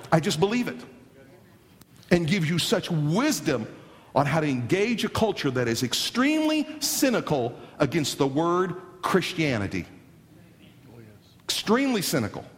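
Animated preacher in a reverberant hall. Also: male voice, on the high side, moderate pace, pauses often. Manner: dramatic, swings from hushed to shouting. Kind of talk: sermon.

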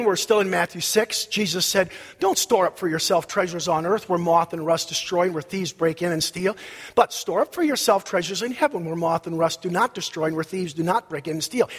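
Man, pastor, high voice, emphatic sermon delivery, long hall reverb. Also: husky. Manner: emphatic preaching, swinging between loud peaks and low asides.

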